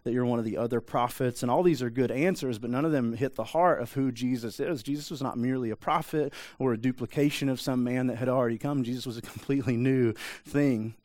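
Man, preacher, sermon, conversational asides, middle pitch, dry close sound. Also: fast talker, darkish tone, no echo. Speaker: pastor.

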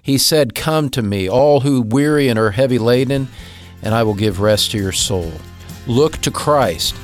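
Gentle encouraging male radio minister. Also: mid-range voice, a little slow, faint music behind. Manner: gentle, encouraging, direct address to listener. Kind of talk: pastoral exhortation.

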